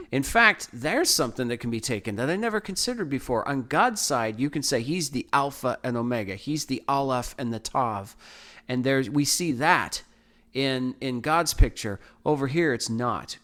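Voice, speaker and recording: A man's voice: mid-range voice, a bit bright. A man hosting a podcast Bible study, explaining verses in a thoughtful, teaching manner with frequent restarts. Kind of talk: casual Bible study talk.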